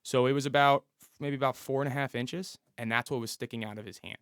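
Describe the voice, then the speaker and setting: A man's voice: medium pitch, fairly even intonation, fast, a bit bright, clear, resonant tone, dry recording, clean studio sound. A man who was a police officer, a podcast guest telling a story in a casual, matter-of-fact way. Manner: detailed, matter-of-fact retelling.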